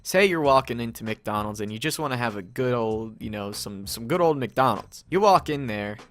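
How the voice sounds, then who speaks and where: A young man rants in a sarcastic, profane commentary voice at a middling pitch. He slips into exaggerated mocking voices of fans and keeps up a scornful running monologue. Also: animated, normal speed, fairly bright tone. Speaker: commentary YouTuber. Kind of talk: ranting commentary.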